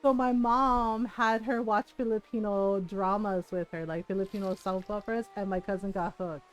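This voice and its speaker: A woman's voice: mid-range voice, fairly even intonation, moderate pace, poor audio. A woman livestreamer chatting casually while gaming, rambling through stories with many fillers and frequent laughter.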